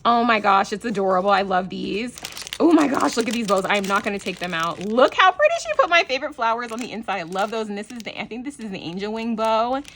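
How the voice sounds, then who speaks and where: A woman hosting a crafting channel, chatting casually to camera as she unboxes a swap package, gushing and excited, with lots of "like" and "you know" fillers. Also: a little high, fast, slight background noise.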